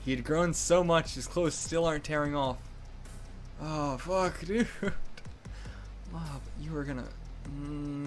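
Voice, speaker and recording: A man hosting a casual manga reaction, excitable, swearing and shouting encouragement at the page. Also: a little high, slow pace, pauses often, faint music behind. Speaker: anime reaction host.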